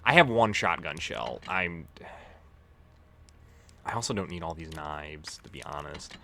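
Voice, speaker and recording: A man's voice: a bass voice, a little slow, vocal fry, bright, forceful tone, dry recording. A man giving rambling, offhand gameplay commentary as a let's play host, swearing casually.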